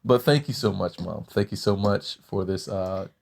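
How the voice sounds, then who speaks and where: A man hosting a casual interview with his mother, relaxed and encouraging. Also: sits low, moderate pace, gravelly. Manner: relaxed, encouraging, laughs easily.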